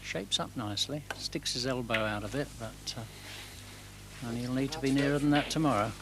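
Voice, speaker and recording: A man's voice: mid-range voice, moderate pace. A man giving light, easygoing commentary on a snooker match. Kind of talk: sports commentary. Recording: hissy 1980s TV broadcast.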